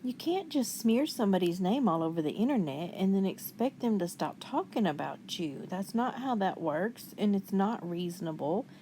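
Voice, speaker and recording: A woman's voice: medium pitch, moderate pace, few pauses, slight background noise. Wry woman commentating on clips. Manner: calm, skeptical, wry rebuttals. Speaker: commentary channel host. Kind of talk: reaction commentary.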